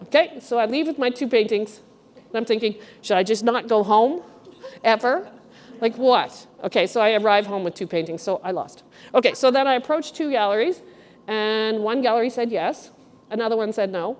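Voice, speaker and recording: A middle-aged woman curator giving a chatty, animated walk-through talk to a group in an art gallery. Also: on the high side, brisk, a little hiss or hum. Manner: chatty, animated storyteller, addresses the group directly. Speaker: guest curator. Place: art gallery exhibition room.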